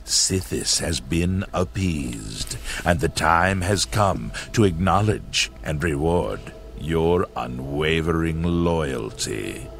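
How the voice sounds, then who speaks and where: A man voicing a sinister male assassin leader in a video game, speaking in a grave, measured, ceremonial way. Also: extremely low pitch, animated, creaky, a bit bright, soft background music, exaggerated voice. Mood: solemn.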